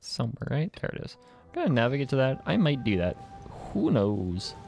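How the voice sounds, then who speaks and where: A man's voice: medium pitch, wildly swooping pitch, a little fast, gravelly, darkish tone, faint music behind. A young man streaming a game, chatting casually with his chat in a rambling way, laughing often and full of fillers and restarts. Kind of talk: casual chat while gaming, reading chat.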